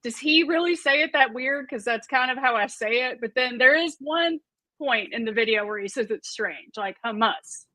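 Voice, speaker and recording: A woman's voice: sits high, moderate pace, sharp tone, no echo, low-quality recording. A woman co-hosting a casual sports radio chat, talking in a chatty, playful way. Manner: chatty and playful, laughs easily.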